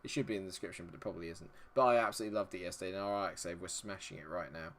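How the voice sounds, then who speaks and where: Talking at a racing pace, a deep-voiced man with a fairly bright tone streams a game live. Between addressing his chat, he mutters to himself as he goes through settings.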